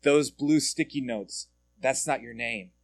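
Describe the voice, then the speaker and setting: A man's voice: medium pitch, a little slow, gravelly, no room sound. A man giving a conversational sermon as a pastor, often asking his listeners direct questions and repeating words as he goes.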